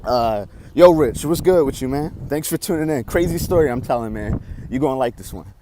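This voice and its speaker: Young man vlogger, expressive storyteller, mid pitch, faint street noise outside. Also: brisk. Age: young adult. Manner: excitable, swings loud and soft, acts out lines. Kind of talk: animated storytelling.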